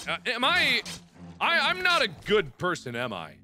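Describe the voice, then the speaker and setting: A young man in his twenties narrates a horror game in casual, jokey let's play style. His voice is high and very bright, with lively swings in pitch, and he keeps up a steady stream of excitable remarks to himself. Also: moderate pace, faint music behind. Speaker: gaming video host.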